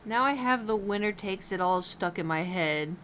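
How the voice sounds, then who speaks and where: A woman's voice: mid-range voice, lively intonation, moderate pace, fairly bright tone, a little hiss or hum. Woman streamer, casual chatty painting stream, rambling and giggly, mid-range voice. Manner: rambling, filler-heavy, giggly. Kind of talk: casual live-stream chat while painting.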